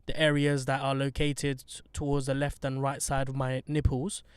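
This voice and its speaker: A man's voice: medium pitch, completely flat delivery, moderate pace, clear, resonant tone, dry recording. A man co-hosting a podcast from a parked car, chatting in slang and joking around. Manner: joking, slangy, hypes things up. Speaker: podcast co-host. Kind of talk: casual chat. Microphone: handheld mic.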